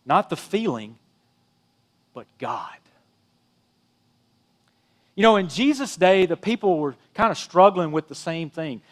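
A middle-aged man with a notably high voice delivers a sermon. He keeps it conversational, full of "you know" asides. His emphasis rises on key phrases and falls to near-hushed endings. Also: big pitch swings, measured pace, pauses often. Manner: conversational preaching, rising and dropping emphasis, frequent "you know". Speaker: pastor.

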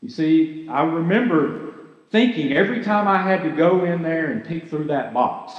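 A man's voice: fairly high pitch, lively intonation, takes it slowly, long pauses, lo-fi sound. Man preaching in an echoey hall. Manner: earnest, conversational preaching with rhetorical questions. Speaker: pastor. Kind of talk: sermon.

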